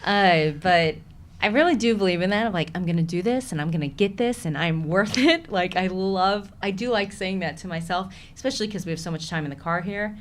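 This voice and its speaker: A woman's voice: fairly low pitch, fairly quick, slight background noise. A woman with a Chicago accent, an actress talking candidly in a casual interview and laughing often. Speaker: actress, podcast guest.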